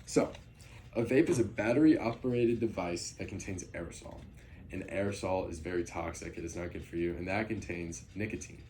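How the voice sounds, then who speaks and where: A man's voice: sits low, fairly quick, warm tone, slight background noise. A young man giving an earnest persuasive speech, with frequent ums and restarts. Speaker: student speaker.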